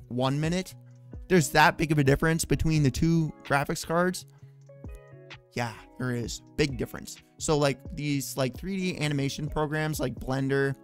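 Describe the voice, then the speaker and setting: A young man hosting a casual tech news vlog, chatty and slangy, saying dude and bro and laughing at his own jokes. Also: medium pitch. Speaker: tech channel host.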